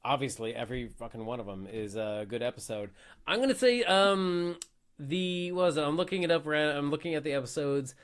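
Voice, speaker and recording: A man's voice: on the high side, a little fast. An American man co-hosting a show review podcast, easygoing and swearing casually while reading out chat questions. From United States.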